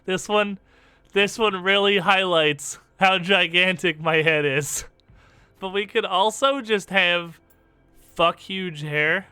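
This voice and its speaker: A man's voice: high-pitched, slow pace, clean tone, no room sound, soft background music. A young man streaming a game, joking and swearing casually as he talks through his choices. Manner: joking, profane, animated. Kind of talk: casual gameplay commentary.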